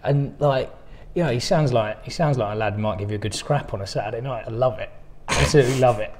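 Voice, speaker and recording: A man co-hosting a podcast, telling rambling, animated stories in casual chat with many restarts. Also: medium pitch, quick pace. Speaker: podcast co-host.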